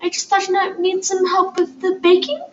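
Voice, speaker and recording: A woman's voice: very high voice, little pitch movement, normal speed, pitched above the performer's own voice. A woman voicing an anxious young girl who stammers and pleads, on a dull, lo-fi home recording with faint hiss. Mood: nervous. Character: anxious young girl baker, eager and tearful.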